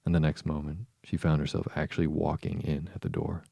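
A man slowly reading a story aloud to lull listeners to sleep. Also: very deep voice, gravelly, slightly rough, no echo. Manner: calm, unhurried. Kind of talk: slow bedtime reading.

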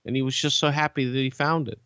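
A man's voice: medium pitch, fast talker, smooth, no room sound, muffled recording. A man hosting a podcast, telling stories in a casual, profane, laughing way. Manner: animated, profane, laughing storyteller. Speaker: podcast host. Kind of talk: casual storytelling.

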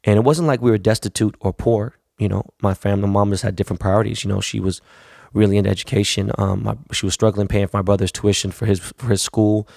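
A gravelly, low-voiced man in his thirties talks straight into a dry, close microphone. He hosts his own podcast and rambles bluntly, swearing freely as he makes his points. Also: level tone, fast talker, a little mellow, no echo. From United States, West Coast. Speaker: podcast host. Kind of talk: casual monologue.

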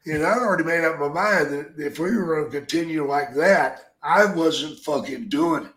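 An older man telling profane stories in casual chat, with a gruff manner and loud acted-out quotes. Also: a little high, moderate pace. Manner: gruff, swears constantly, acts out quotes loudly. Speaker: podcast guest, storyteller. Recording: echoey room.

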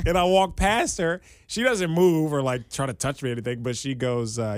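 Guy cohosting a podcast, swoopy animated voice, dry close mic. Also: mid-range voice, moderate pace, hardly any pauses, dry recording. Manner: animated storyteller, laughs often. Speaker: podcast co-host. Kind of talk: casual storytelling chat.

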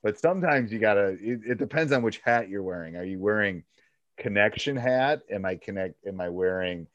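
A man's voice: fairly low pitch, lively intonation, normal speed, no echo, dull audio. A man, a basketball coach and podcast host, giving coaching advice on a one-on-one call and acting out back-and-forth dialogue as he talks.

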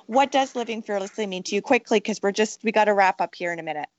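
A woman's voice: mid-range voice, expressive, quick pace. A woman hosting a podcast interview, effusive and uplifting, speaking in long wordy sentences. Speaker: podcast host. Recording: dry, dull lo-fi audio.

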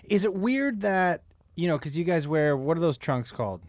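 A man hosts a casual podcast interview in a voice a little higher than average, recorded dry and close. He asks curious questions and mixes in his own views. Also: lively intonation, moderate pace, a little mellow, dry recording. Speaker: podcast host.

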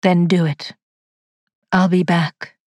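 Woman doing a tired android woman: low, slow, dry and close, firm under the fatigue. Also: steady tone, no echo. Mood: weary. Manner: quiet, measured and tired. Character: weary female android, soft-spoken and resolute. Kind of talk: audio drama reading.

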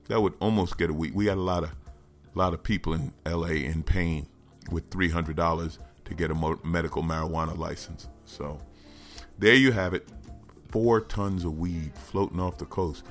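A man hosting a podcast, riffing sarcastically and animatedly on news stories. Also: low voice. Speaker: podcast host. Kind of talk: comedic news commentary.

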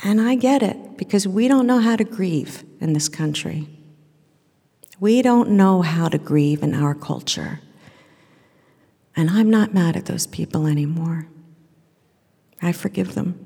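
A middle-aged woman telling a true personal story on stage, earnest and emotional, sometimes dropping to a hush. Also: on the low side, lively intonation, unhurried, gravelly, pauses often, breathy edge. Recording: long reverb of a large hall.

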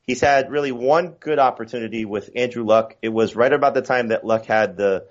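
A man's voice: medium pitch, fairly quick, highs cut off. A man talking fantasy football as a podcast guest, chatty and full of fillers and restarts. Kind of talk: casual podcast chat.

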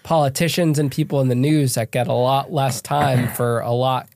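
A man's voice: mid-range voice, steady tone, normal speed, creaky, a little mellow, no echo. A young man hosting a podcast in a studio, reading an upbeat intro and chatting loosely with his guest. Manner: upbeat, reads an intro then chats loosely with fillers. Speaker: podcast host.

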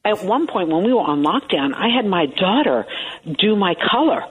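A woman with a Brooklyn accent, a TV host telling animated, wisecracking stories as a guest in a casual interview. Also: medium pitch, moderate pace, slightly rough. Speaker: TV morning show host, guest. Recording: tinny phone line, faint hiss.

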